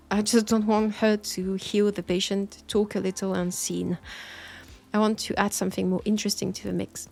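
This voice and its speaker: Soft-spoken French-accented woman with faint music. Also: mid-range voice, gravelly. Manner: thoughtful, soft-spoken, with hesitant fillers and small laughs. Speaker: audio roleplay creator answering listener questions. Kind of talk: Q&A talk.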